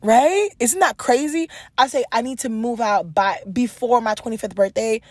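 A woman's voice: fairly high pitch, normal speed, no echo. A woman, hosting her own solo podcast in a candid, rambling way. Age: 20s. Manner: animated, rambling, with bursts of laughter and self-talk. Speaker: podcast host.

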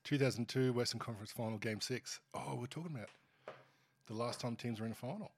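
A man's voice: medium pitch, quick pace, slightly rough. A man with an Australian accent co-hosting a casual sports podcast, joking in a dry, offhand way. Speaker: podcast co-host. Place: small room at a table.

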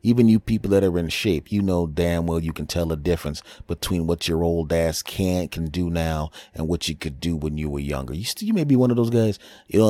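A middle-aged male podcast host with a low voice rants in a brash, mocking comedic style. He jabs at his listeners bluntly. The recording is dry and close to the mic. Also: normal speed, hardly any pauses, warm tone, no room sound. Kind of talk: comedic rant.

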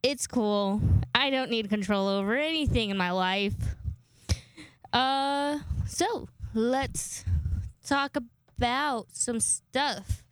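A woman's voice: fairly high pitch, slow, smooth, no room sound. A woman in her twenties hosting a podcast into a microphone, chatting in a rambling way and swearing freely. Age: 20s. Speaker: podcast host. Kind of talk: casual podcast monologue.

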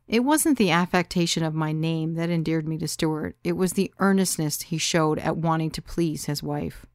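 A woman's voice: sits low, normal speed, dry recording, studio quality. A woman narrating her own story in the first person, in a wry, confiding way.

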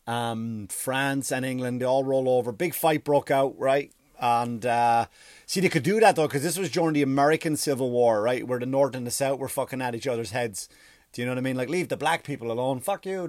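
Guy rambling thru a fake history bit, swears a lot, deadpan, does silly voices, dry close mic, middle pitch. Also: no echo. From Ireland. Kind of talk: comedic storytelling monologue.

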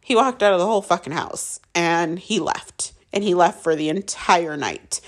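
A woman's voice: on the low side, moderate pace. A woman telling a raw, emotional story from her own life in casual speech, often saying "like" and swearing.

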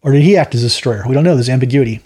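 A man hosts a Bible study, working through the text verse by verse in a rambling, opinionated manner, stammering, repeating words and restarting often. His mid-range voice is warm with a breathy edge, and he speaks very fast.

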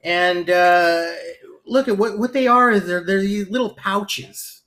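A man's voice: high voice, measured pace, sharp tone. A man co-hosting a casual show, trying snacks and joking crudely with plenty of swearing. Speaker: podcast co-host. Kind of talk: casual chat, taste-testing snacks.

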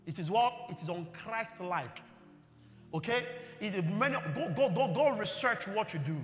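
A man's voice: sits high, expressive, normal speed, dull audio, faint music behind. A male pastor preaching a sermon with emphatic call-and-response and many "you know"s. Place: church hall. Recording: echoey church hall.

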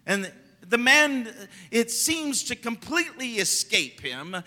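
A man pastor preaching a fervent sermon, rising to loud emphasis and dropping to quiet asides. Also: very high voice, very animated, takes it slowly, long reverb tail.

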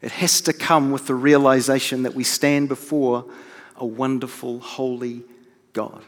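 A man's voice: mid-range voice, flat delivery, unhurried. Man preaching in a reverberant hall. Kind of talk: sermon. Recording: long reverb of a large hall.

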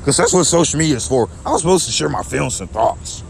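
Gravelly young man on an aggrieved rant. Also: on the high side, animated, quick pace, slight background noise. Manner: repetitive and aggrieved, with many restarts. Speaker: vlogger. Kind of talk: personal rant to camera.

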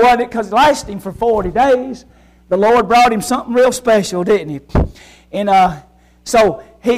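High-voiced man preaching a fervent sermon. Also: poor audio. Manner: fervent, swinging from loud shouting to hushed quiet; asks the congregation rhetorical questions.

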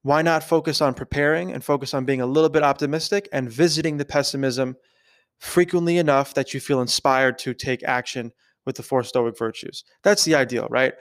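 A man hosting a podcast, thinking aloud in a casual, conversational way and often checking in with a quick "right?". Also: medium pitch, fairly even intonation. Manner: conversational, keeps asking "right?". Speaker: podcast host. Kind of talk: casual reflective podcast talk.

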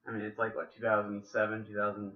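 A man's voice: on the low side, completely flat delivery, quick pace, phone-quality sound. A man hosting a casual podcast chat, rambling and joking with lots of fillers and restarts. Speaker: podcast host.

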